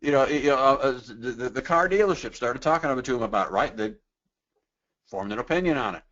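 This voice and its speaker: A man's voice: medium pitch, expressive, a little fast, fairly bright tone, highs cut off. A man giving a sales training webinar in a conversational way, tossing out rhetorical questions and acting out customers in quoted voices.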